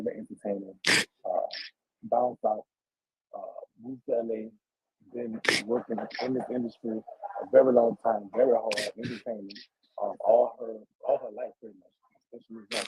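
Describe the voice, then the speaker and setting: A man's voice: lowish voice, steady tone, moderate pace, phone-quality sound, a little hiss or hum. A man hosting a casual livestream interview, speaking hesitantly with many fillers and encouraging his guest.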